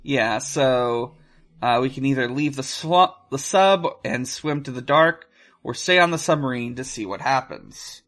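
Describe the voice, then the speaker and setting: A man co-hosting a podcast, chatting casually and reading a gamebook aloud with loose, halting phrasing and plenty of swearing. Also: mid-range voice, a bit bright. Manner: loose and profane, halting with restarts and fillers while reading.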